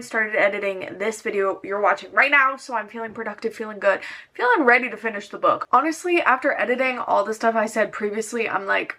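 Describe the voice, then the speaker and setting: A woman chatting casually in a reading vlog, excitable and gushing, with bursts of quick talk, filmed at home. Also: on the high side. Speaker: book vlogger.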